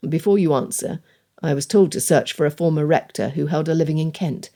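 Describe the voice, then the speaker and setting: A woman narrator voicing a formal, earnest young English gentleman in a romance audiobook. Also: low-pitched, brisk, voice pushed down.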